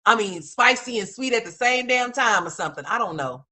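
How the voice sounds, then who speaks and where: A woman's voice: fairly high pitch, a little fast. Bold, profane woman livestream host. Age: adult mother. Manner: loud, profane, animated, calls viewers "y'all" and "honey". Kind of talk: casual livestream commentary reacting to chat.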